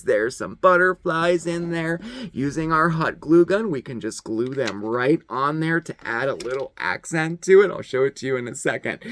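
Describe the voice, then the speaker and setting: A chatty man walks viewers through a dollar-store craft project in a casual, upbeat way. His pitch swings up and down a great deal as he talks, and he keeps checking in with a quick "okay?". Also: a bit bright. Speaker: host. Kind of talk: casual DIY craft demonstration.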